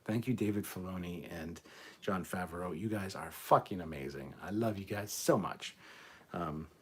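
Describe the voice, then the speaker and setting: A man's voice: sits low, normal speed, fairly bright tone, breathy edge. A middle-aged man hosting a casual livestream, reading viewer comments aloud and reacting in a chatty way, swearing freely and joking about himself. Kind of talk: casual live chat.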